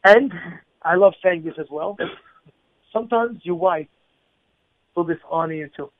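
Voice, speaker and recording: High-voiced man, tinny dry sound. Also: a little slow, a little hiss or hum. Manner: repetitive, rhetorical questions, acts out quoted people. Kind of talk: informal moral lesson. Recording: tinny phone-like dry recording.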